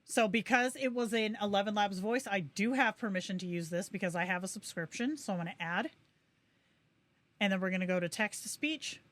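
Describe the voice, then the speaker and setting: A woman's voice: medium pitch, brisk, fairly bright tone. A woman hosting a livestream, giving a casual tutorial and chatting as she clicks through settings. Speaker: livestream host.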